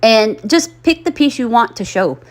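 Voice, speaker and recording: Woman, middle-aged, chatty craft voice-over, rambling and folksy, fairly high voice. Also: sing-song, normal speed. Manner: rambling, folksy, self-deprecating. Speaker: craft channel host.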